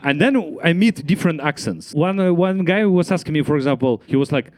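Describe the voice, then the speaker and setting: A young comedian with as his tells stories, his voice climbing and falling in wide swings and sitting a little high. He talks in an animated way, packed with fillers and bursts of laughter. The sound is close and dry. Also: a little fast, few pauses, no echo. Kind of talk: casual panel chat on stage.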